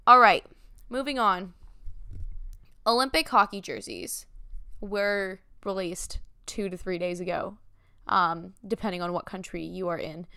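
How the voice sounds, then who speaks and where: A woman co-hosting a casual sports podcast, chatty and animated, laughing easily. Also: on the low side, unhurried, pauses often, clear, resonant tone, no room sound. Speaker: podcast co-host.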